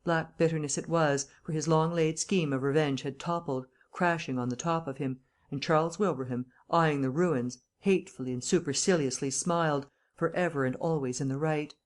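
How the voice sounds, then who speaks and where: A woman narrating an audiobook in a measured, even storytelling manner. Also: low-pitched.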